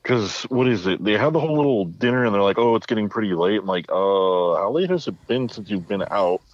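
A man's voice: lowish voice, expressive, brisk, no echo, lo-fi sound. A man co-hosting a podcast, chatting casually about a movie and raising questions about the plot. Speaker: podcast co-host.

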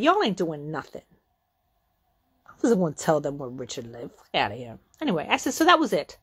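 A middle-aged woman telling a story in a casual, profane way, acting out the quotes with sudden jumps in pitch. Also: fairly bright tone, slightly rough.

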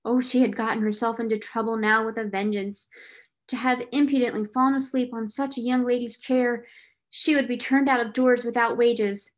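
A woman reading a classic novel aloud in a clear, expressive storytelling manner. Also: a little high, normal speed. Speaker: reader.

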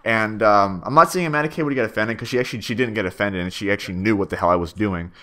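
A man's voice: lowish voice, very fast, sharp tone. A young man giving a rambling, stammering director's commentary on his own machinima, full of fillers and swearing.

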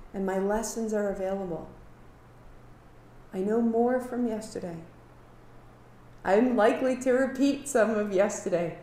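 A woman teaching a live yoga class, giving calm cues and then talking through a story in a lively way. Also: medium pitch, echoey room. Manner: calm guiding cues, then animated storytelling with acted quotes.

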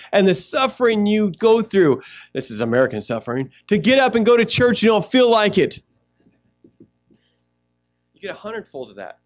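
A man pastor preaching a sermon in a church, animated, acting out little scenes as he goes. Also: high voice, brisk. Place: church sanctuary.

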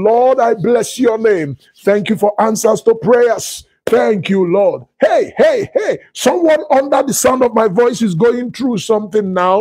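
A man's voice: sits high, darkish tone, husky, dry recording. A man leading a fervent prophetic prayer broadcast, declaring prophecy in repeated refrains and breaking into speaking in tongues. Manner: repeats refrains and calls for praise. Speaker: prayer leader.

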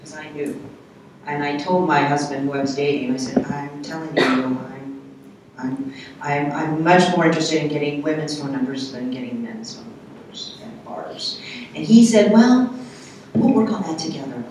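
A middle-aged woman speaking on a panel, telling a personal story in a candid, halting, soft-spoken way. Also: low voice, a little hiss or hum. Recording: echoey hall from far off.

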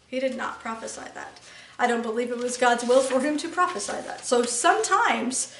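A woman's voice: high-pitched, a bit bright. A woman preacher teaching a sermon emphatically, checking in with her listeners by asking "okay?" again and again. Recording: echoey room, voice from a distance.

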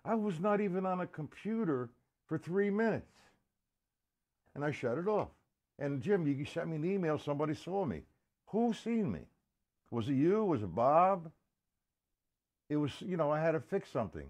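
A man's voice: a little high, sing-song, normal speed, long pauses, darkish tone. Chatty man teaching drums. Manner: chatty, addresses viewers by name, counts beats aloud. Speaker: drum teacher. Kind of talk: casual live-stream drum lesson.

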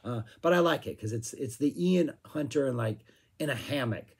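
A man casually talking through his favorite songs, with frequent fillers and a voice that is going hoarse. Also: mid-range voice, lively intonation, normal speed. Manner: rambling, filler-heavy, hums guitar riffs. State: losing his voice, clearing throat. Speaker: music review vlogger. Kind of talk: casual chat.

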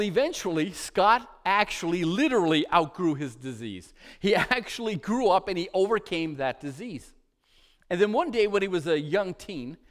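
A male pastor preaching a sermon in a church, moving between emphatic, loud declarations and hushed, soft phrases as he tells a story in repeated lists. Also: high-pitched. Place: church sanctuary.

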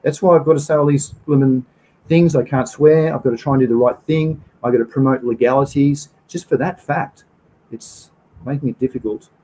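A man's voice: medium pitch, a little fast, mellow, a little hiss or hum, low-quality recording. A man with an Australian accent hosting a casual livestream, reading out viewer comments and answering questions in an informal, chatty way. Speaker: livestream host.

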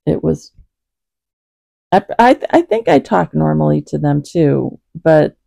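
A woman hosting a Bible reading for her cats, praying and chatting in a gentle, soft-spoken, rambling way at home. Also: low voice, creaky, no echo. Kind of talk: prayer and casual chat to camera.

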